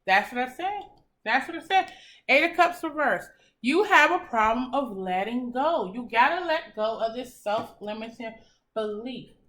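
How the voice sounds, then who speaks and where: A woman's voice: sits high, fairly bright tone. A young woman giving a tarot reading in a casual, blunt and encouraging way, swearing freely. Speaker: tarot reader.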